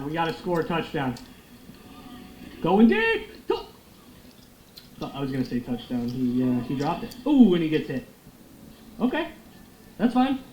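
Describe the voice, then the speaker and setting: Young male gamer, loud and profane, lively voice, faint room hiss. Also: fairly high pitch. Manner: loud, excitable, profane trash talk. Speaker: gaming streamer. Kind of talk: live gameplay commentary. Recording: echoey room with faint noise.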